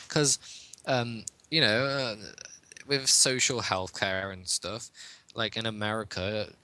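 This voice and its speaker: Bright-voiced man rambling with jokes. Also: fairly low pitch, fairly even intonation, slow pace, clean tone, dry recording. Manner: rambling, jokey, chuckles often. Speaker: podcast co-host. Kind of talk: casual joking chat.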